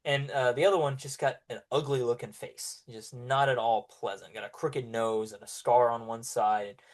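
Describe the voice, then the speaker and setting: A man's voice: medium pitch, steady tone, moderate pace. A man narrating as game master, in a casual style with frequent laughs and fillers.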